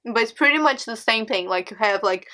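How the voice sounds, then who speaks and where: A woman's voice: fairly high pitch, lively intonation, a little fast, bright, forceful tone. A young woman whose first language is Portuguese, telling a dramatic storytime with frequent laughs and exclamations. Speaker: vlogger. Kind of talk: storytime vlog.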